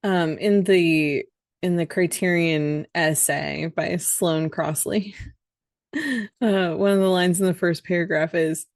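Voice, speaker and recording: A woman co-hosting a film podcast in casual chat, relaying background facts in a measured way with hesitant fillers. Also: fairly low pitch, dry recording, clean studio sound. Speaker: podcast co-host.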